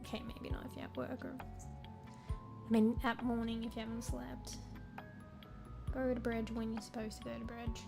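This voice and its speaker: A woman's voice: a little high, level tone, normal speed, gravelly, long pauses. A tired woman streamer chatting with her viewers in a rambling, playful way, often correcting herself. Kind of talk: casual chat with viewers. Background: game music.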